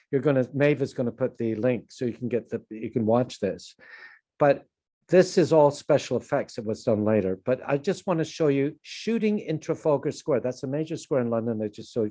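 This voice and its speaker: An older man from Canada talks through a filmmaking lecture on a video call. His voice sits at an everyday middle pitch. He wanders from point to point and pokes fun at himself along the way. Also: dark tone. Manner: anecdotal, self-deprecating, digressive. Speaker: film producer and lecturer. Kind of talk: online conference talk.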